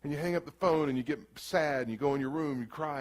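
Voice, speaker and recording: A man preaching a sermon as pastor in a casual, animated way, slipping into quick acted asides. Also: a little high.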